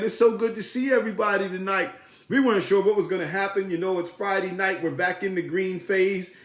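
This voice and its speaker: A man's voice: high voice, echoey room. A man from South Jersey hosting a casual livestream, greeting viewers by name in an upbeat, familiar way. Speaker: livestream host.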